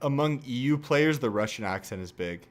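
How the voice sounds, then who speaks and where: Man, livestreamer, casual chat, animated delivery, jokey. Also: mid-range voice, normal speed. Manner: animated, joking, reacts to clips. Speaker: streamer.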